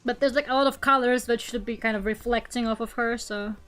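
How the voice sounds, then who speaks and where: A young woman with a light Russian accent, chatting casually on a stream, self-mocking and quick to laugh loudly. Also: fairly high pitch, steady tone, soft background music. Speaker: Vtuber streamer. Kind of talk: casual chat while drawing. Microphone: streaming microphone at home.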